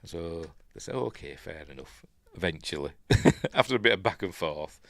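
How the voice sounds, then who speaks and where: A man's voice: sits low, moderate pace, fairly bright tone, no echo, clean studio sound. A middle-aged man with a Yorkshire accent, chatting his way through a film in a loose, rambling commentary full of ums and uhs, now and then mimicking the characters. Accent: Yorkshire English. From Yorkshire, England. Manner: mimics quoted characters playfully. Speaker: film review host. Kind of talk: casual film watch-along commentary.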